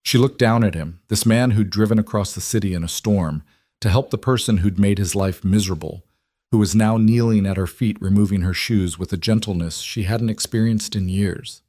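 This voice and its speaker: A man reading a scripted story in an even, measured way. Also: fairly low pitch, dry recording. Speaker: narrator. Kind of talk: scripted narration.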